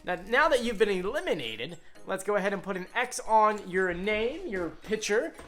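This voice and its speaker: A woman vlogger giving an excitable, casual recap commentary, full of quick asides. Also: mid-range voice, soft background music.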